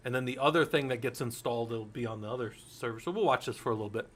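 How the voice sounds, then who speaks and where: A man's voice: medium pitch, rapid-fire, slight background noise. A man in his forties teaching a Linux security course in a candid, loose way, swearing freely and drifting into anecdotes. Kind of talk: casual technical lecture.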